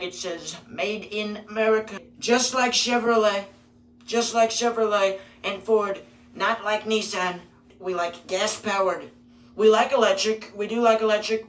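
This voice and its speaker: A man voicing a boastful, rambling older male politician who repeats himself and bursts out loudly. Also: sits high. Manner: repetitive, bragging, sudden loud bursts. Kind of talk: parody impression. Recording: roomy, distant mic with faint noise.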